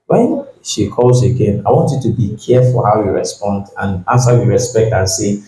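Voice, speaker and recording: A pastor preaching a sermon, reading scripture slowly and acting out the dialogue with energy. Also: male voice, on the low side, sing-song, mellow, echoey room, low-quality recording. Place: church.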